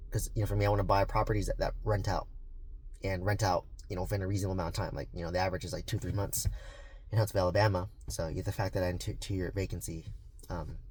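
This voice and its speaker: A man's voice: fairly low pitch, a little mellow. A man vlogging about real estate investing, talking earnestly and rambling with many fillers and restarts. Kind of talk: casual vlog talk to camera.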